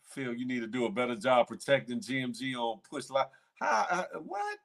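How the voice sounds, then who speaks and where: A man's voice: mid-range voice, sing-song, moderate pace, vocal fry, a bit bright. A man hosting a live morning show, casually chatting and reading viewer comments with playful banter, frequent laughter and slangy speech. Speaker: show host.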